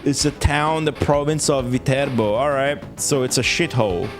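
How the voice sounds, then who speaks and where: A man, rambling and swearing through live gameplay stream chatter, laughing often and jumping into high exclamations. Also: normal speed. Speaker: game streamer. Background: game music.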